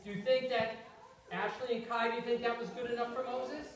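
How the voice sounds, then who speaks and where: A woman's voice: on the high side, steady tone, a little fast, far from the mic. A woman rabbi telling a story to children, asking them questions and to repeat words, in a synagogue room. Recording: echoey room.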